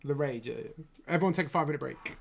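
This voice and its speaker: A man's voice: on the high side, racing, gravelly, slight background noise. A man hosting a live-stream film vote, chatting casually and laughing often.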